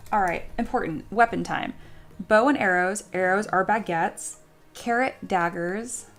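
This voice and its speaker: A woman's voice: medium pitch, measured pace, faint music behind. A woman streaming a 3D sculpting tutorial in a chatty, joking way, explaining her steps and answering viewers. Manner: chatty, jokey, reads chat aloud. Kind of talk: live-stream tutorial chat.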